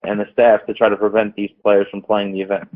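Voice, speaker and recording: A man speaks as a player guest on a poker panel and makes his points bluntly. His voice sits a little low. It comes through a thin, phone-like line. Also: flat delivery, fast. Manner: direct and assertive. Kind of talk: casual panel talk.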